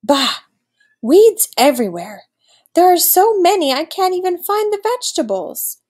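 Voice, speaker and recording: A woman's voice: medium pitch, very animated, a little slow, darkish tone, husky, heavily acted. A woman voicing a hungry, grumpy old male wolf who growls and grumbles. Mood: grumbling.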